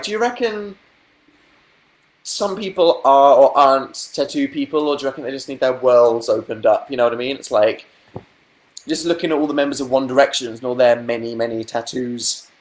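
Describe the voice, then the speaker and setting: Casting: young British guy, live-stream host, deadpan and playful, mid-range voice, talks into a webcam mic. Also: medium pitch. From Britain. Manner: dry, sarcastic, playful asides. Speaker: livestream host. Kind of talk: casual live-stream chat, reading viewer comments.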